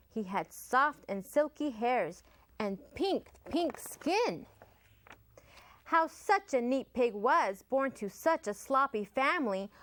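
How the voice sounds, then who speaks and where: A woman librarian reading a picture book aloud to children in a slow, sing-song storytelling manner. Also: sits high, a bit bright.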